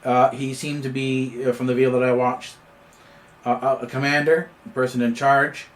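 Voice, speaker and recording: This Canadian man runs an independent news commentary channel, talking at a normal speed in a mid-range voice with little pitch movement. His political monologue is improvised, with plenty of fillers and restarts.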